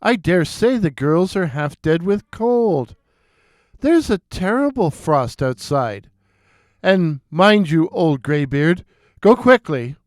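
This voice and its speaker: Evil old stepmother in a folktale: shrill, scolding, loud, voiced by a male storyteller. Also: lively intonation, slow, dry recording, studio quality. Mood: bossy. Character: cruel shrill old stepmother, bossy and furious.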